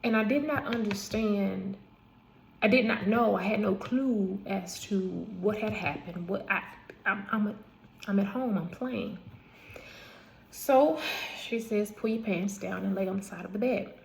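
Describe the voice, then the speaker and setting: A woman's voice: medium pitch, measured pace, creaky, slight background noise. A woman telling a personal story in a casual, emphatic way. She repeats phrases for weight, corrects herself and adds asides. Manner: repetitive, emphatic retelling with asides and restarts. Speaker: vlogger telling her own life story.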